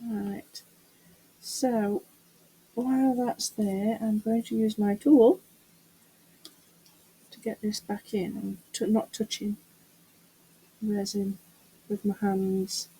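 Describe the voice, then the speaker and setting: A woman's voice: mid-range voice, steady tone, slow, long pauses, dark tone, slightly rough, poor audio. A middle-aged woman chatting casually to camera while doing a resin craft, muttering to herself and teasing herself about her mess. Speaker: craft vlogger.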